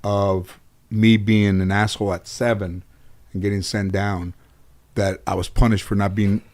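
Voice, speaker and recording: Animated man telling stories, from Los Angeles. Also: fairly low pitch, measured pace. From Los Angeles, USA. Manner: animated, swears freely, frequent fillers and restarts. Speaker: guest telling life stories. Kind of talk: casual storytelling in a conversation.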